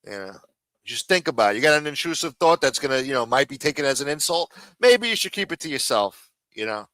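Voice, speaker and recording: A man's voice: medium pitch, sing-song, fast talker, fairly bright tone, no echo. A man hosting a live stream in a casual, profane rant, with many fillers, repeated phrases and muttered asides.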